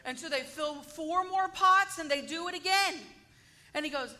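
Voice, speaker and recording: A woman with a very high-pitched voice teaches a Bible story to a group at normal speed. She's animated, acting the story out dramatically and putting questions to her listeners.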